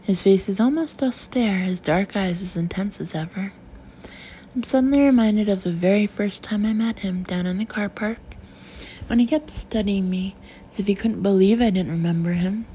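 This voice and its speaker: A woman reads a first-person novel aloud in a mellow, warm voice, drawing the listener close. Her delivery is intimate and emotional, and the recording sounds slightly dull and muffled, with faint background noise. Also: medium pitch, moderate pace. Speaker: audiobook narrator. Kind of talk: first-person audiobook narration.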